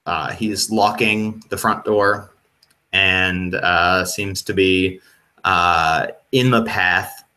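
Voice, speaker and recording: A man's voice: low voice, sharp tone. A man narrating as game master of a tabletop horror game, hesitant, with many ums and restarts.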